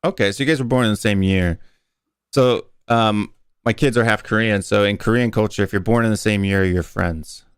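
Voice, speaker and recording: An American football YouTuber, appearing as a guest, chats casually in an interview and explains things at length with fillers and restarts. His fairly low voice is clear and resonant at a normal pace, recorded in studio quality with no echo.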